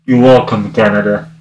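A man playing a wisecracking masked male antihero with a gun during a livestream, talking to viewers in a cocky, teasing way, his voice muffled by a mask. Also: fairly low pitch. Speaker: cosplayer livestreaming. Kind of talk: in-character livestream banter. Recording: roomy, distant mic, noisy.

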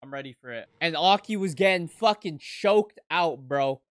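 A woman reacting to an anime episode, excitable and foul-mouthed, breaking into loud outbursts and calling everyone "bro". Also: sits low, moderate pace. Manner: excitable, swears a lot, sudden loud outbursts; casual slangy talk, says "bro" a lot. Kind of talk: live reaction commentary.

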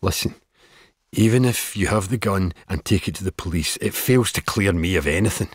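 A man's voice: sits low, moderate pace, breathy edge, no echo, studio quality, pitched above the performer's own voice. A man voicing an eager accused brother who keeps on talking in an audiobook.

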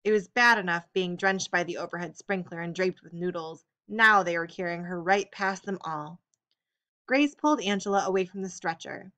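A woman reading an audiobook, telling the story in a steady, expressive way. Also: lowish voice, normal speed. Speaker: audiobook reader. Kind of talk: audiobook narration.

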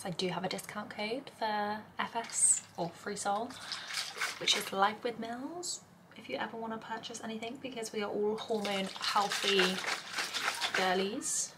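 A woman's voice: medium pitch, unhurried, very noisy. Tired, rambling young woman vlogging. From England. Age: young adult. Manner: rambling, talks in run-on lists with many "like" fillers. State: tired and overwhelmed. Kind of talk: casual chatty vlog. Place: home, indoors.

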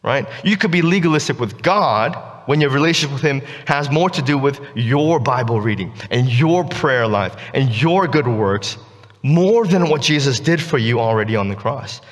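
A man's voice: mid-range voice, animated, normal speed. Casual man preaching in a reverberant church. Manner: casual, keeps asking "right?". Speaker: pastor. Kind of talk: conversational sermon. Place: church sanctuary.

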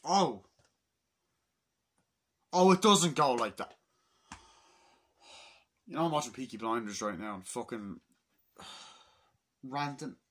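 A man's voice: mid-range voice, lively intonation, slow pace, long pauses. A man of twenty-two in a casual vlog, exasperated and swearing as he mutters to himself. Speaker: film collector vlogger.

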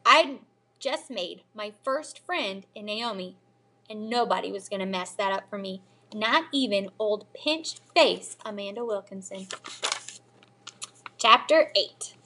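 Bright-voiced woman reading a storybook aloud. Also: mid-range voice, slow. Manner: expressive storytelling, lively character voices. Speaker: teacher. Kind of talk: reading a children's novel aloud.

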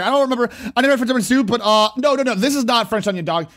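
A man's voice: very high voice, rapid-fire. A young man streaming a casual reaction to a TV clip, joking and talking back at the screen. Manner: excitable, jokey, talks back at the screen.

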